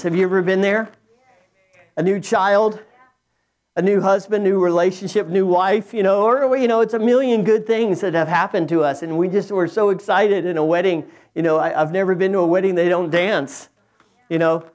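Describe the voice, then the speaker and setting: A man, a pastor, praying and then preaching a sermon in an earnest way, often restarting his words and growing excited. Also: sits high, normal speed. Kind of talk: sermon with opening prayer. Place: church sanctuary.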